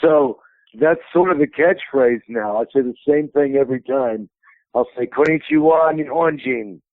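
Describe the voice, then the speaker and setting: Phone-in guest: a man in his fifties, a wrestling promotion president, a rambling storyteller at mid pitch, heard over a thin telephone line. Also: normal speed, dry recording. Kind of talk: phone interview, telling stories.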